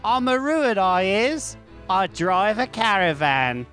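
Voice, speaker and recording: A man's voice: high voice, sing-song, takes it slowly, fairly bright tone, faint music behind, pitched above the performer's own voice, full character voice. A man voicing a cheeky Cockney worgen woman reading out a fan letter in a gossipy, folksy way.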